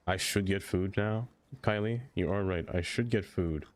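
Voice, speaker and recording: A man streaming a game, chatting casually, talking to what he builds and answering chat, quick to exclaim in dismay when things go wrong. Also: deep voice. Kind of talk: casual live-stream chatter while playing.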